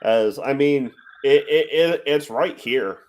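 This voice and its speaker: Male co-host, unhurried, stumbles over words, easy laugh. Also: mid-range voice, a little mellow. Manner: halting, repeats words, chuckles often. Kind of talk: casual stream chat.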